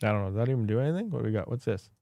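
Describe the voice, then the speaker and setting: A man's voice: fairly low pitch, expressive, rapid-fire, creaky, mellow, dry recording, dull audio. A man hosting a casual livestream, rambling, thinking aloud and laughing often. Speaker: crypto mining livestream host.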